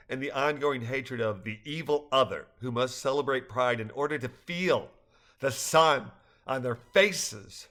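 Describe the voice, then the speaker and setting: A man's voice: medium pitch, measured pace. Earnest older man reading his story. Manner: earnest, reflective, with occasional soft laughs. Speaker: narrator. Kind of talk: reading a personal story aloud.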